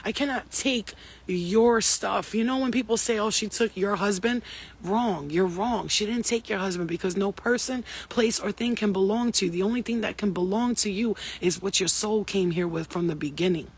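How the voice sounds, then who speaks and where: A woman's voice: medium pitch, normal speed, husky. A woman giving an intuitive spiritual reading to her viewers, talking in a profane, emphatic and preachy way. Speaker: spiritual reader.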